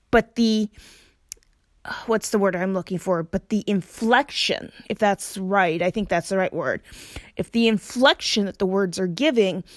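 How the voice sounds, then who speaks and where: A woman's voice: medium pitch, no room sound, studio quality. A woman talking casually and reflectively to her viewers, hesitant and searching for words with lots of fillers. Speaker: solo vlogger giving spiritual practice tips. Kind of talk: casual reflective talk to camera.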